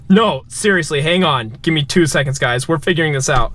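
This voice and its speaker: Brief: high-pitched male let's-player, jokey, shouts at scares. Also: normal speed, few pauses. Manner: excitable, yelps and shouts at scares; joking, talks to viewers. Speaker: gamer. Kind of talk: let's play commentary.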